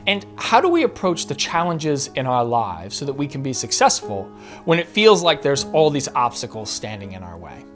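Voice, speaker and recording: A man hosting a podcast, telling a story in an earnest way with suspenseful pauses. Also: medium pitch, wildly swooping pitch. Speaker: podcast host. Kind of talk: storytelling narration. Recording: faint guitar music behind. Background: soft guitar music.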